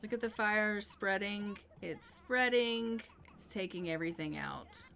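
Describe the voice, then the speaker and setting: A woman with a bright, clear voice talks through a life-sim session in a relaxed, chatty way, thinking out loud about each move. Her pitch sits in an ordinary middle range, and a faint hiss hangs behind her. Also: measured pace. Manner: chatty, thinking aloud as she plays. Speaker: gaming YouTuber. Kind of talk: casual gameplay commentary.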